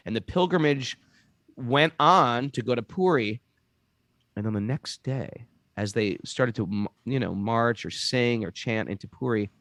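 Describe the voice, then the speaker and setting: Man, casual storyteller, lively swooping pitch, dry close sound. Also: no echo. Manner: animated, acts out voices in his stories. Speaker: co-host.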